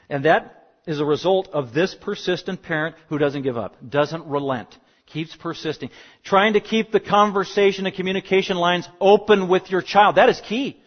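A man's voice: a little high, in a large hall. Man preaching with pleading, rising outbursts. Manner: pleading, swings from quiet to loud. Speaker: pastor. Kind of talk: sermon. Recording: dull lo-fi sound.

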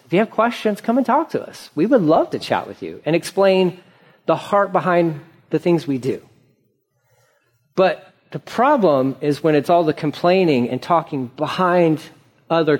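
A man preaching a casual expository sermon as pastor, conversational and animated, acting out the people in the story with laughs and asides. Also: a little high, husky. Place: church sanctuary.

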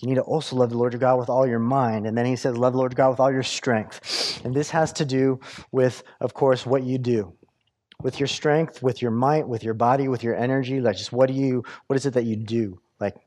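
A man's voice: medium pitch, steady tone, fairly quick, a little mellow. A man preaching a sermon in a conversational way, with lots of fillers and restarts. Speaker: pastor.

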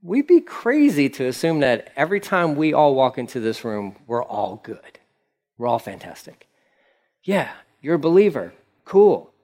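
A man's voice: on the high side, very animated, normal speed, darkish tone. A man preaching a sermon as pastor, in a casual, conversational manner with slangy asides.

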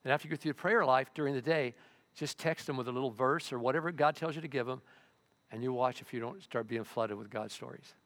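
An older man preaching a sermon as pastor, in a conversational way with sudden loud, excited bursts. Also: medium pitch, fast talker.

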